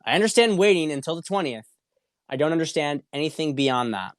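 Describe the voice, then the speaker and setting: A man's voice: on the high side, animated, fairly quick, no room sound, clean studio sound. A man hosting a casual livestream, answering viewer questions in a blunt, profane way and often repeating himself. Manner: blunt and profane, with frequent repetition and restarts. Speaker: show host.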